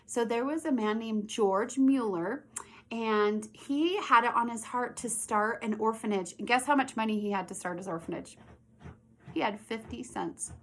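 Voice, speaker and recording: A young adult woman teaching a Bible lesson to children, retelling the story in an animated way and asking the kids questions. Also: a little high, moderate pace.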